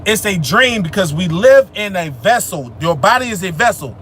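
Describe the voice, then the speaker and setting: High, bright-voiced streetwise stream host. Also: male voice, sing-song, normal speed, slight background noise. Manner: profane, streetwise, preachy and emphatic. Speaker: livestream host answering chat. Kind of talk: casual spiritual livestream Q&A.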